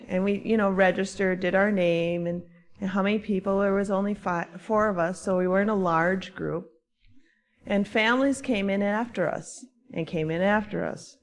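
A woman panelist telling a personal story in a conversational way, laughing lightly as she goes. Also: lowish voice.

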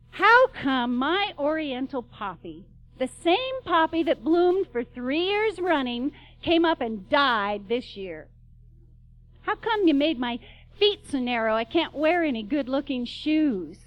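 Slow, wry woman storyteller. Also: high-pitched, highs cut off. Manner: wry, dramatic, expressive. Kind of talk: spoken-word storytelling performance.

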